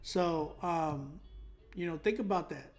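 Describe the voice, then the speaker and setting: A young man hosting a song critique stream, talking in an animated, emphatic way with many fillers. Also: a little high, slow pace, soft background music. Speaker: host giving song critiques. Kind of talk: livestream critique chat.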